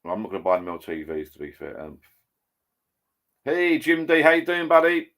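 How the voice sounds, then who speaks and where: A man's voice: mid-range voice, sing-song, brisk, fairly bright tone. An older man hosting a casual livestream from his home bar, chatty and rambling, reading viewer comments aloud. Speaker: livestream host. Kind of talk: casual live chat.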